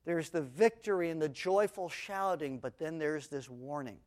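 A man with a fairly high voice teaches verse by verse through the Psalms. He swings from booming, insistent emphasis down to quiet, confiding asides. His pitch rises sharply whenever he reads scripture aloud. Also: normal speed, few pauses. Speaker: Bible teacher. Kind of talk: expository sermon on the Psalms.

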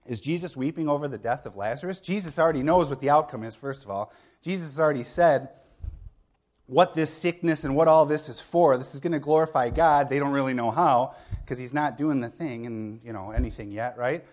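In a relaxed, conversational sermon, a middle-aged male pastor with an ordinary-pitched, slightly mellow voice lays out his point piece by piece. He puts rhetorical questions to the congregation and frequently checks in with a quick "okay?".

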